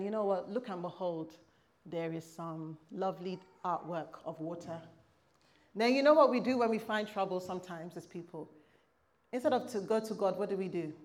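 A woman giving a church testimony in a preaching style. She is emphatic and exclaims, breaks into loud outbursts, then drops to hushed lines, and asks the audience for call-and-response. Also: medium pitch.

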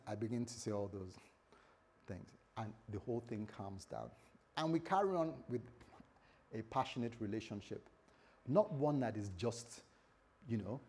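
A man's voice: lowish voice, a little mellow, a little hiss or hum. A man preaching a sermon as a pastor, in a conversational way, with frequent restarts and acted-out dialogue.

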